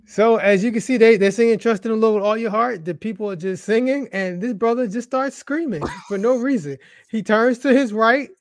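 A man's voice: high-pitched, brisk, few pauses, no echo. A man co-hosting a casual show, telling stories about church videos in an amused way and laughing often. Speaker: co-host.

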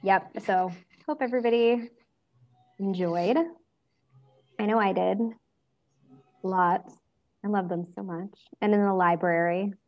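A woman hosting a podcast and reading a story aloud in a calm, even way. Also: mid-range voice, a little slow, pauses often, dull audio. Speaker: podcast host and reader. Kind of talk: reading fan fiction aloud.

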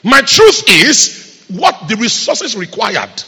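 Emphatic preacher in echoing hall. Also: male voice, sits high, huge pitch swings, slow pace, gravelly, pushed and bright, husky. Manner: emphatic call-and-response preaching. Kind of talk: sermon. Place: church hall. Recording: echoey church hall reverb.

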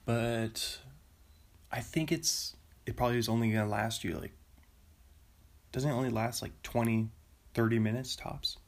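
A man's voice: mid-range voice, steady tone, normal speed, pauses often. A man hosting a solo podcast in a rambling, self-amused way, often laughing at his own jokes. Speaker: podcast host.

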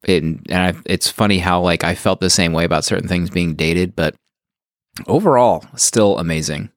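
Deep-voiced rambling male podcast host. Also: normal speed, dry recording, studio quality. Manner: rambling, enthusiastic, many fillers. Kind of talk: casual chat.

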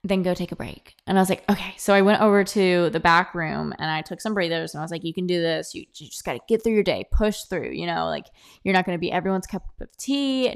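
A young woman hosting her own podcast, telling a work story in a chatty, animated way and acting out what others said. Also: on the low side, vocal fry. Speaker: podcast host. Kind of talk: casual storytelling monologue. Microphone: own podcast mic, close.

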